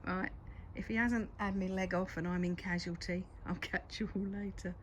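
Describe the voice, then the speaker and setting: A woman's voice: mid-range voice, steady tone, normal speed, slight background noise. An older woman gives a casual walk-and-talk garden tour. She is chatty and keeps dropping into a whisper. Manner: chatty, often drops to a whisper, coos at her cat. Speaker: gardening vlogger. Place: outdoors in a home garden.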